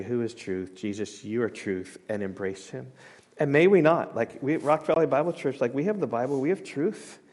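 A man preaching a sermon as pastor, emphatic, rising loud on scripture and dropping quiet, often repeating and restarting his words. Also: medium pitch.

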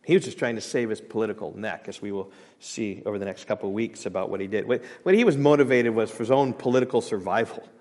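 Speaking fast and fairly low, a man preaches as pastor with real emphasis. Scripture brings his volume up, quieter moments bring it down, and he keeps repeating and restarting phrases.

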